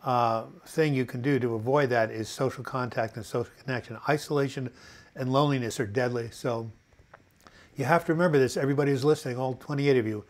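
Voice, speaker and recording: A man talks loosely through a live chat with viewers, reading their comments aloud and answering in an earnest, encouraging way. His speech wanders and restarts often, full of fillers. His voice sits at an everyday pitch. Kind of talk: casual unscripted live chat.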